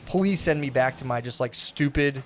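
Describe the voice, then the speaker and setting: A young man telling a long story in a loose, rambling way, full of filler words and swearing, acting out the people he quotes with sudden jumps in pitch. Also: normal speed, a little hiss or hum. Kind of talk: casual storytelling.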